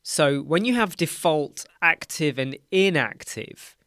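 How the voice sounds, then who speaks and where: A man's voice: a little high, animated, takes it slowly, fairly bright tone, no room sound, studio quality. A tired British man hosting a live Q&A stream, explaining things casually with rambling self-corrections. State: tired, yawning. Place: dark home studio with soundproof panels.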